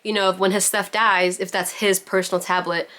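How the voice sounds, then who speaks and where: A woman leads a parenting class over a video call. Her voice sits at a middle pitch, and she talks in a loose, chatty way, stringing thoughts together with "like" and "you know". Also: level tone, brisk, bright, forceful tone. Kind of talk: casual virtual class teaching.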